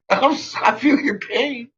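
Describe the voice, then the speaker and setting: A male livestream host goes on a casual, profane rant, laughing often as he swings between low mutters and loud shouting. The high frequencies in the audio are cut off.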